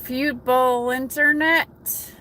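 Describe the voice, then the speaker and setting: A woman's voice: high voice, fairly even intonation, extremely slow, pushed and bright, slight background noise. An American woman hosting a casual morning coffee chat from her truck cab, greeting viewers by name. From United States. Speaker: trucker livestream host.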